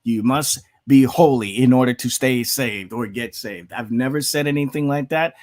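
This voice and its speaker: A man's voice: medium pitch, normal speed, darkish tone. Heated male video commentator. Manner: argumentative, heated, repetitive asides; mocks opponents in put-on quotes. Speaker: channel host.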